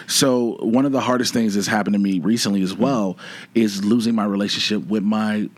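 A man's voice: on the low side, fairly even intonation, brisk, dry recording. A man speaking as a podcast guest in a candid, emotional conversation, earnest and open. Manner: earnest, open, acts out others' words.

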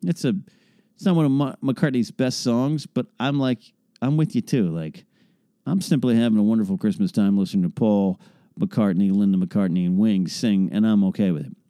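Here a man hosts a podcast, chatting loosely through listener questions with a wry, rambling manner that keeps cutting itself off and restarting. His voice is on the low side, mellow, and at normal speed, recorded at studio quality with no room sound.

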